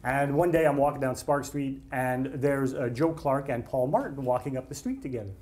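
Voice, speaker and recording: A man's voice: mid-range voice, moderate pace. A man from Canada, a guest writer telling anecdotes and acting out the voices of the people in them. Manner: animated storyteller, acts out quoted dialogue. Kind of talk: anecdotal storytelling.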